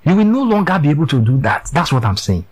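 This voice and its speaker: A man's voice: fairly high pitch, very animated, fast, husky, rough recording. Guy preaching, voice jumps all over, keeps asking do you understand. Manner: emphatic, repetitive, often checks in with listeners. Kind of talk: sermon.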